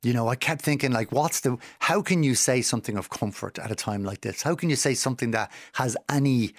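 A man guest on a radio arts show, talking in a halting way and searching for words, recorded in a studio. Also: mid-range voice, no room sound. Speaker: musician guest. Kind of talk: casual radio interview.

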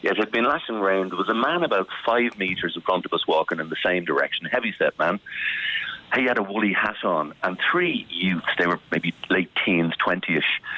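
An Irish man calls in to a radio show and tells his story with animated indignation. His voice is very low but bright and forceful. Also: low-quality recording. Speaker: caller. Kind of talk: telling a story on a phone-in.

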